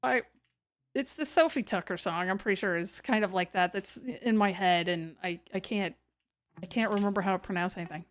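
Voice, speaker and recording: A woman hosts a live severe weather stream, offering casual commentary in a chatty, scattered and self-mocking way. Her voice is medium-pitched and a little fast.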